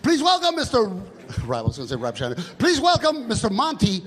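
Man, club host, very high voice, lively pitch, fumbling jokey intro, crowd noise. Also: fairly quick. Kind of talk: introducing a comedian. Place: comedy club stage.

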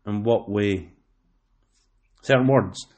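A man with a lowish, slightly mellow voice and a West Lothian Scottish accent hosts a casual podcast chat. He talks slowly and rambles, full of fillers and restarts.

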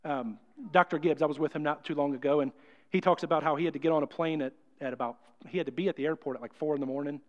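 A man's voice: fairly high pitch, steady tone, fast, dull audio. A male pastor preaching a sermon in a conversational, storytelling way.

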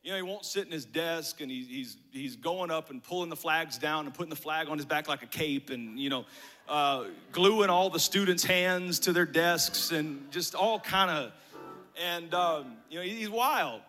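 A man telling a rambling story about his son, animated and emotional, with many restarts. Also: a little high, normal speed, faint music behind. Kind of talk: storytelling comedy set.

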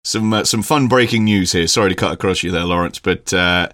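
A man co-hosting a podcast in casual chat, rambling and sweary, quick to laugh. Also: deep voice, a bit bright. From Britain. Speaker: podcast co-host.

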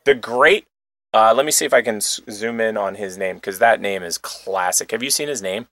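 A man's voice: lowish voice, moderate pace, bright, forceful tone, dry recording. A man co-hosting a casual online show, reacting to clips with wry jokes. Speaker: podcast co-host. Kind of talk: casual chat.

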